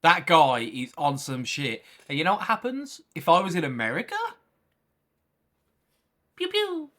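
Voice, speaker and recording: A man with a fairly high, bright voice rants over clips on a livestream. His pitch swings up and down as he fires off rhetorical questions and swears freely. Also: brisk. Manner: animated, profane rhetorical ranting. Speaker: livestream commentator.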